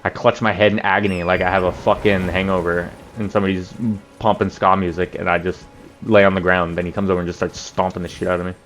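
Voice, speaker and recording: A man's voice: low-pitched, little pitch movement, quick pace, fairly bright tone, faint music behind. A man hosting a let's play, joking and swearing in casual gameplay commentary. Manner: profane, joking, laughs often.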